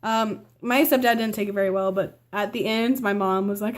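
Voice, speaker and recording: A woman's voice: a little high, normal speed, hardly any pauses. A teenage girl telling a personal story to camera in a rambling, casual way, full of fillers and restarts. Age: teens. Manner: chatty, rambling with fillers and self-corrections; acts out family members' lines in quotes. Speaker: vlogger.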